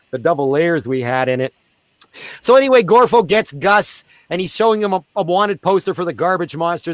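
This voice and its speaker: A man, a street theatre performer, telling animated stories in a casual interview over a video call. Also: no room sound. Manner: animated, acts out quoted voices in a high pitch.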